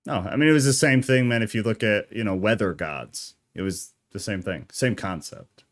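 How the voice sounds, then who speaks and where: A man's voice: fairly low pitch, normal speed. A man hosting a live podcast who agrees readily and affirms his guests, reads out chat comments, and steers the show along. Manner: agreeable, affirming, with short backchannels. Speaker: podcast host.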